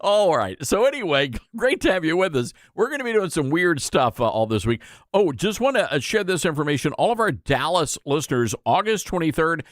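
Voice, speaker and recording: A man hosting a talk radio show, joking and chatting in an animated way. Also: a little high, brisk, no echo, studio quality.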